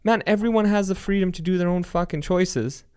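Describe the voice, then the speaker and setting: A young man telling stories as a podcast guest, animated and full of swearing. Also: sits high, brisk, clear, resonant tone. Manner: profane, animated storytelling. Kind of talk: casual chat.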